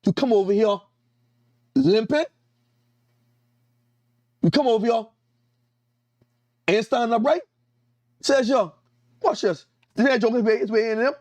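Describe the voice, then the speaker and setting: A man's voice: very high-pitched, measured pace, long pauses, darkish tone, no room sound. A man with a Caribbean accent preaching a sermon as an evangelist, emphatic and repetitive, calling out to his congregation. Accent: Caribbean English.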